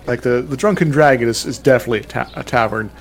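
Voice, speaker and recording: A man's voice: medium pitch, fast. A man playing a tabletop game who talks hesitantly, with many fillers and restarts. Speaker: player.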